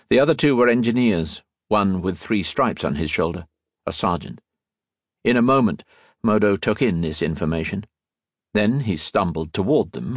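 A man narrating an audiobook in a measured, steady storytelling voice, close on the mic. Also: deep voice, breathy edge, no room sound. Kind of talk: scripted narration.

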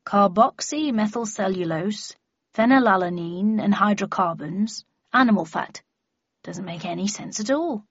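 A woman voicing a wry, calm and eccentric older father, with a husky voice and a measured, dry, unhurried delivery. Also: medium pitch, dry recording, muffled recording. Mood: puzzled.

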